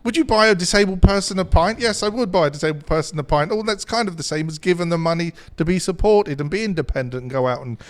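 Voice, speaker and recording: A man's voice: high voice, quick pace, few pauses. A man guesting on a political chat show, indignant and in agreement.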